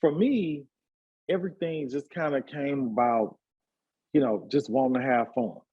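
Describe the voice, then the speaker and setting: A man in his fifties, a hairstylist and party promoter, telling his life story in a relaxed interview with lots of fillers. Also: medium pitch, moderate pace, breathy edge, muffled recording. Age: 50s. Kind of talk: casual conversational interview.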